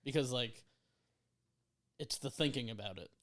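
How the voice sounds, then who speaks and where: Young man, podcast co-host, hesitant, mid pitch, casual chat. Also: normal speed, a bit bright. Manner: hesitant, restarts.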